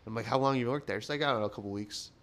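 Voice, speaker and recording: A man's voice: medium pitch, very fast, crowd noise. A young man co-hosting a podcast, telling stories casually with lots of fillers. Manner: rambling storyteller, lots of fillers and "like". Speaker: podcast co-host.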